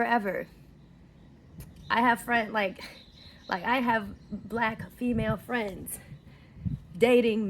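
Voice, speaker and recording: A woman's voice: medium pitch, a little mellow, slight background noise. A woman in her thirties with a Southern US accent, delivering a heated, profane rant to camera with emphatic repetition. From Southern United States. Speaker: vlogger. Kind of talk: angry monologue to camera.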